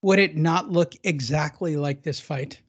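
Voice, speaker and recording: A man's voice: fairly high pitch, a little slow, breathy edge, no echo, dull audio. A man co-hosting a boxing podcast, joking casually and spinning silly hypothetical fight scenarios. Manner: playful, spins silly hypotheticals. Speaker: podcast co-host.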